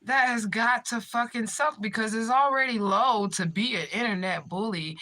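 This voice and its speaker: A woman's voice: a little high, normal speed, pushed and bright. Brash, profane woman on a livestream. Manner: brash, profane, laughing often, trash-talking trolls. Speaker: spiritual medium livestreamer. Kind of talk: casual livestream chat with viewers.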